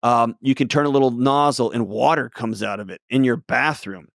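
A middle-aged man talking as a guest expert, telling stories emphatically with sudden jumps up and drops to soft low tones. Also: moderate pace, vocal fry, dry recording, studio quality. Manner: emphatic, swings between loud excited and soft low tones. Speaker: guest mental health expert. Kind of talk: animated storytelling in conversation.

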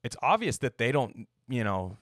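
A man's voice: medium pitch, sing-song, normal speed, fairly bright tone, dry recording, clean studio sound. A young man hosting a sports podcast, rambling in a casual, sarcastic way and swearing now and then.

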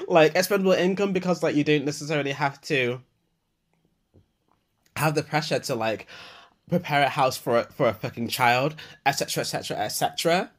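With a fairly high-pitched voice and a brisk delivery, a young man rants through an unscripted voicenote for his podcast. It's a profane, meandering monologue heavy on fillers.

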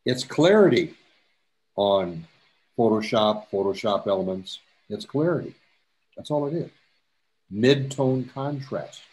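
A man's voice: on the low side, lively intonation, measured pace, pauses often, darkish tone. A man teaching a step-by-step photo editing tutorial, chatty, repeating himself and dropping jokey asides. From Canada. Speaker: photography instructor. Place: presentation to a camera club.

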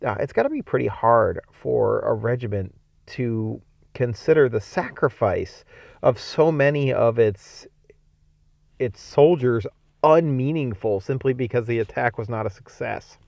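A man teaching a homeschool literature lecture, reading a novel aloud and thinking out loud about it in a conversational way. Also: medium pitch, expressive, unhurried, creaky, no echo.

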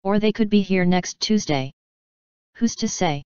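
A woman's voice: medium pitch, measured pace, a little mellow, clean tone, dry recording, dull audio, close to an everyday voice. A woman voicing a mischievous, snooty male chaos spirit in a storybook reading, with a sneering manner.

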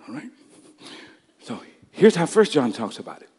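A male pastor preaching a sermon, telling stories and building up to shouted climaxes. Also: mid-range voice, very animated, moderate pace, long pauses, husky, long reverb tail.

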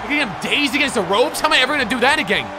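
Excitable high-voiced man yelling at a game. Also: rapid-fire, a crowd in the background, noisy background. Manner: mutters instructions under his breath. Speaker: streamer. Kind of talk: live gameplay commentary. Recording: game music behind the voice. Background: game music.

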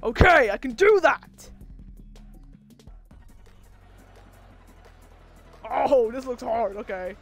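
A woman's voice: a little high, very animated, vocal fry, faint music behind, exaggerated voice. Woman voicing a hot-tempered cartoon sore loser. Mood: chatty. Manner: yelling, quick to rage at losing. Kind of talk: fan voice role-play over gameplay.

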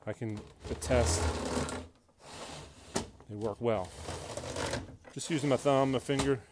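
A man's voice: mid-range voice, slow, heavy background noise. Man giving a chatty showroom walkthrough. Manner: chatty, enthusiastic, many fillers and restarts. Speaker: auction house staff giving a walkthrough. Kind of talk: casual walkthrough narration. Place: indoors in a large auction showroom.

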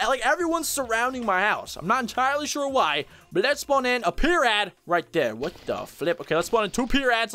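Hyped young man with a very high voice. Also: fairly bright tone. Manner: hyped, exclamatory, chatty with viewers. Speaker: gaming YouTuber. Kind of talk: excited Minecraft mod showcase commentary. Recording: faint background music.

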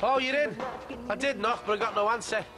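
Brisk workman at the door, loud and pushy, high-pitched, TV drama. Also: over music. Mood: insistent. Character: brisk male workman come to fix the pipes.

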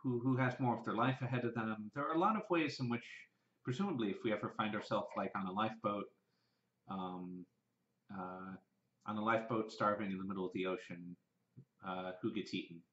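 Southern man, low-ish voice, vlogger thinking aloud, roomy lo-fi sound. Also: fairly quick, fairly bright tone. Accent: Southern American. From American South. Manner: rambling, with many restarts and fillers. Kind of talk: casual thinking-aloud monologue. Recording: roomy and dull, lo-fi.

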